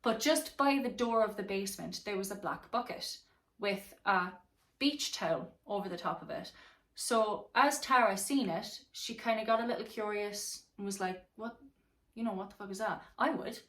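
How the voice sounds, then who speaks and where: A woman vlogger recounts a true crime case in loose, casual talk that wanders, swears and stumbles over fillers. Her voice is of middling pitch for a woman. She sounds set back from the mic, with a roomy echo around her. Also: normal speed, a bit bright, recorded from a distance. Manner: rambling, profane, many fillers.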